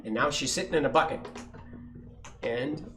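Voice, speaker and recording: A man's voice: mid-range voice, normal speed, sharp tone. Guy doing storytime for kids, chatty, asks questions, faint hiss behind. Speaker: science center educator. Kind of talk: reading a picture book aloud to children. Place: science center, livestream.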